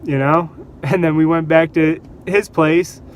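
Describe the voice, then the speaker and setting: A man with a fairly high voice tells casual stories to the camera. He is animated, laughs often and slips into voices for the people in his stories. There is a faint hum of outdoor traffic behind him. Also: measured pace. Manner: animated, laughs between anecdotes, acts out quotes. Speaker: vlogger. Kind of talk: casual storytelling.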